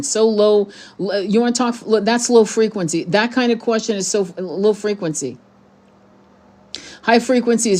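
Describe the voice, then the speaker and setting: A woman's voice: medium pitch, a little mellow. A woman hosting her spiritual channel, talking bluntly and heatedly to her viewers in a profane, rambling monologue with many restarts. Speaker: tarot channel host.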